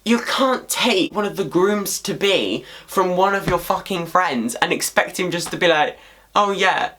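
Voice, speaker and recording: A man ranting casually to camera as a vlogger, swearing freely in an animated, exasperated way. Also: sits high, measured pace.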